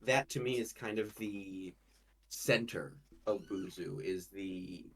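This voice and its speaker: A man, a voice actor, talking casually as an interview guest in an animated, rambling way. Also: low-pitched, takes it slowly. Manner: animated and rambling, with many restarts.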